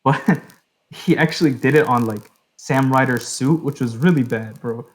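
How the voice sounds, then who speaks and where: A man's voice: mid-range voice, moderate pace, rough recording. Young man, podcast host, casual storytelling, rambling, lots of "like" and "right?".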